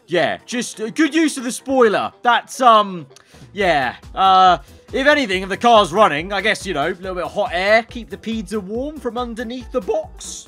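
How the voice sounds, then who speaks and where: A man's voice: fairly high pitch, a bit bright. A young man chatting through memes in a casual, joking reaction commentary and laughing often. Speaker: F1 content creator.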